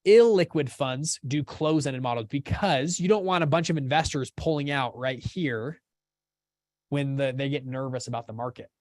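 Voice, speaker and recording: A man's voice: mid-range voice, moderate pace, darkish tone, dry recording. A man hosting a live teaching session, casual and upbeat, often checking that listeners follow along. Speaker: course host.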